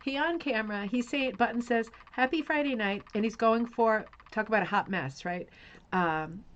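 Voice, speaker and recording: A woman's voice: fairly high pitch, normal speed, fairly bright tone, highs cut off. Chatty woman greeting live-stream viewers. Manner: scattered, self-interrupting. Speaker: host of a rug hooking live stream. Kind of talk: casual live-stream chat.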